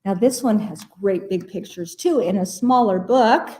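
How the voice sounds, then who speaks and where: A woman reads a rhyming picture book aloud at library storytime, speaking at a medium pitch and normal speed. She stays playful and expressive, adding remarks about the pages.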